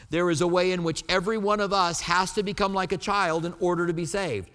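Male pastor preaching with a lively, emphatic delivery in a reverberant hall. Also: sits high, brisk, hardly any pauses. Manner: emphatic, conversational Bible teaching. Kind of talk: sermon.

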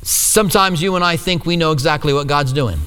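Pastor guy preaching, high bright voice, big echoey church hall. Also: brisk, clear, resonant tone, faint music behind. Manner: animated storytelling preacher, acts out quotes. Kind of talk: sermon. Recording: reverberant hall.

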